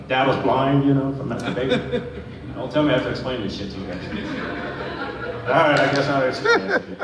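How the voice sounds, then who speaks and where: A man's voice: on the high side, lively intonation, fast. A male stand-up comedian telling crude, self-mocking stories to a small club audience. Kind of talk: stand-up set. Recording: echoey room, distant mic, faint noise.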